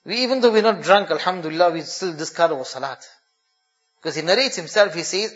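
A man's voice: sits high, lively intonation, a little fast, fairly bright tone, muffled recording. A man preaching a sermon, telling a dramatic story and weaving Arabic phrases into English.

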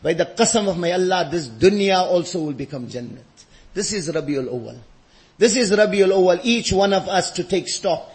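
A man preaches in a high, ringing voice, building his lines through repetition to impassioned peaks. He weaves Arabic phrases into his English as he exhorts the congregation. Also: lively intonation, moderate pace, darkish tone. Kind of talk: sermon.

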